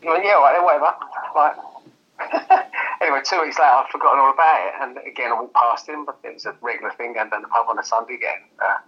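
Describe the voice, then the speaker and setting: A man tells his story as a guest, chatty and laughing, acting out both sides of a conversation. His voice is of ordinary pitch. The sound comes through dull and muffled, like a call line. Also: fairly even intonation, fast. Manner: chatty, laughing, acts out dialogue. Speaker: guest, event promoter. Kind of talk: casual interview storytelling.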